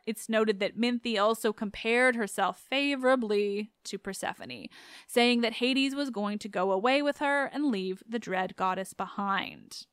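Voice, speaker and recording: A woman's voice: on the high side, fairly bright tone, dry recording, clean studio sound. A woman hosting a podcast in a chatty, sarcastic way, swearing freely as she talks. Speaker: podcast host. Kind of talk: casual podcast narration.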